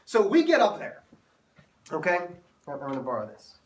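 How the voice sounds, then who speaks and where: Guy math teacher telling a goofy story to his class, higher voice, mic kinda far off. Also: moderate pace. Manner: animated, self-mocking storyteller.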